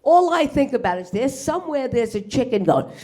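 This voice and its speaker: A woman's voice: high-pitched, very animated, fairly quick, noisy background. A middle-aged woman doing a stand-up set on a club stage. She swears freely and acts out the characters in her punchlines. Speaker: stand-up comedian. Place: comedy club stage before a live audience.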